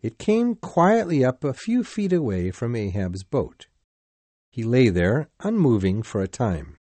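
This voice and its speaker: A man narrating a sea story in a deliberate, clearly paced reading. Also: medium pitch, sing-song, dark tone, dry recording. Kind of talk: slow simplified-English story reading.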